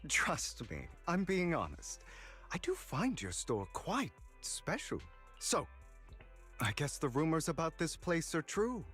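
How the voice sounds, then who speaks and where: A man's voice: a little high, wildly swooping pitch, takes it slowly, a bit bright, soft background music, full character voice. An actor playing a refined, courteous male collector in a video game, speaking in a silky, polite manner. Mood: suave. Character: suave refined male collector, smooth flatterer. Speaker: game character.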